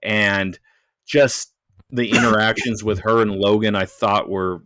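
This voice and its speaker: A man with a lowish voice gives relaxed, blunt opinions in a casual film review podcast. He swears offhandedly. His recording is dry, with no room around it. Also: measured pace, no echo. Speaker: podcast co-host. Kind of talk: casual movie review chat.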